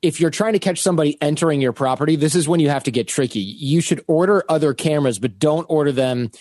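A man's voice: fairly high pitch, fast talker, no room sound. A man giving practical home-security advice in a casual talk show. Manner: steady, practical explainer. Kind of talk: explanatory advice.

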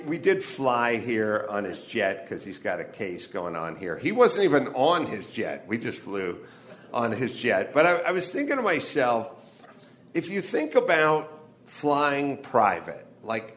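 A man with a somewhat higher-than-usual voice rants through a live stand-up set, swearing freely and tossing off dry asides. He is from the Los Angeles area and talks into a stage mic to a live venue. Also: a bit bright. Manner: profane, ranting, wry asides. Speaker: comedian performing live. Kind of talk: stand-up comedy monologue.

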